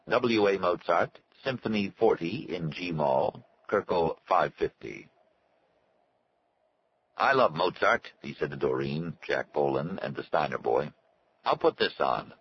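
A man with a very low voice reads a novel aloud at a measured, even pace. The recording sounds dull and lo-fi, with a faint hiss underneath. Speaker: audiobook narrator. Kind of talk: scripted narration.

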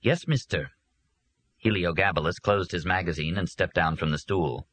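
A man reading a novel aloud as a narrator, with a steady, measured delivery. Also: low-pitched, no room sound. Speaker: audiobook narrator. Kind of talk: scripted narration.

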